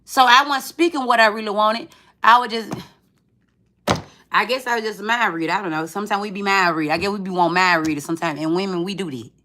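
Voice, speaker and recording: A woman's voice: mid-range voice, quick pace, sharp tone. A woman giving a tarot reading in casual, chatty talk, swearing freely and calling the viewer friend. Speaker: tarot reader.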